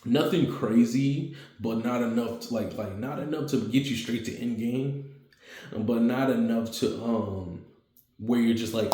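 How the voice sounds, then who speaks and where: A man casually retelling a fan story in a rambling way, full of fillers and quick voices for the characters. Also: mid-range voice, dark tone, very echoey.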